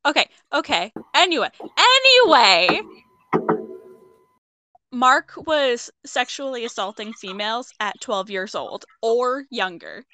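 A young woman with a bright, rather high voice talks through a true-crime case over an online call. She reads from her notes in a loose, chatty way and breaks off to laugh with her friends. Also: expressive, normal speed, few pauses, no room sound. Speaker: podcast co-host presenting a true-crime case. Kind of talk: casual chat reading case notes. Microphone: own mic on an online call.

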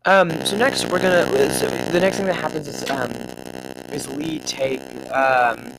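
A man's voice: a little high, lively intonation, a little slow, creaky, heavy background noise. A man co-hosting a podcast, casually recapping a movie in a rambling way and sometimes losing his place. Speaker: podcast co-host.

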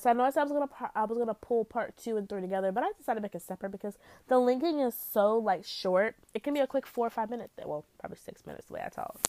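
A woman's voice: on the high side, a little mellow, no room sound. A young woman vlogging about dating, talking bluntly and profanely in a rambling, casual way. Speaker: vlogger giving dating advice. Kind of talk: casual vlog monologue.

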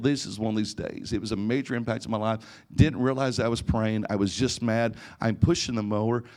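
Middle-aged man, pastor, lowish voice, animated sermon storytelling, gets loud and emphatic, live church audience. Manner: animated, rising to near-shouting in emotional parts, frequent restarts. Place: church or conference hall before a live audience.

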